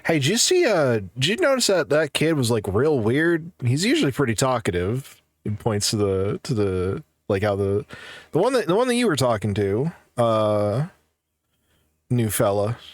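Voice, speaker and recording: A man voicing a chatty, gossipy male townsperson in a tabletop game, halting as he talks. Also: mid-range voice, very animated, no echo.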